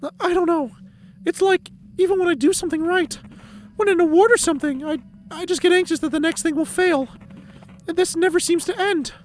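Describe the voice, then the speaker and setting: A man doing a high-voiced anxious schoolgirl. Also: fairly quick. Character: anxious overachieving female student, quick-tempered. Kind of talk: reading game dialogue aloud.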